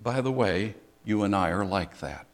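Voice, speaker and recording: An older man preaching a sermon as a pastor, conversational, with dry humor and pauses. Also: lowish voice, expressive.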